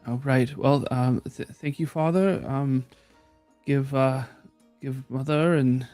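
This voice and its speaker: A shy, halting young man speaks in slow, uncertain bursts, played by a man. The sound is close and dry. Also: medium pitch, steady tone, dark tone, no echo, soft background music. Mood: hesitant. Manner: hesitant, many ums. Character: timid, quiet young human man.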